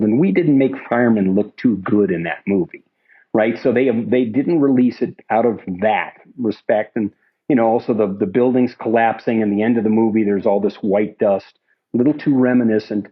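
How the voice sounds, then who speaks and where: A man's voice: lowish voice, slightly rough. An older man from the United States, a guest in an interview, telling rambling anecdotes with frequent restarts. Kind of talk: casual storytelling. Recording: slightly dull lo-fi recording.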